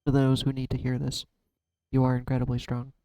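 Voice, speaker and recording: Holding back tears, a man who makes card-reading videos on YouTube shares something personal with his viewers, searching for words and often trailing off before restarting. His delivery is fairly quick and completely flat, in a dark, mid-range voice. The rough recording has no echo.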